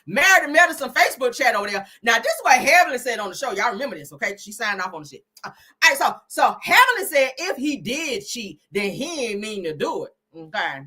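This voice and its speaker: A woman's voice: sits high, sharp tone. A woman hosting a casual gossip commentary live stream, brash and profane, laughing often and calling her viewers "girl.". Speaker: host.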